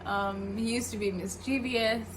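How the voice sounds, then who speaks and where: A young woman from Kenya telling a casual story while cooking at home, animated and acting out the people she quotes. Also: a little high, measured pace, background noise. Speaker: vlogger. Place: home kitchen.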